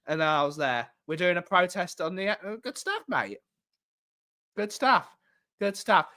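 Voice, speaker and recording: A man's voice: a little high, lively intonation, normal speed, pushed and bright. A man from England hosting a casual livestream, greeting chat viewers in a rambling, repetitive way. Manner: chatty, rambling, repeats phrases. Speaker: livestream host. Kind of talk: casual live chat reading viewer comments. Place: home.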